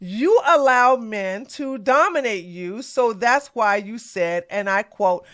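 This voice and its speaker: A woman's voice: fairly high pitch, lively intonation, slow, fairly bright tone. A woman giving casual reaction commentary, blunt, sassy and emphatic in how she talks.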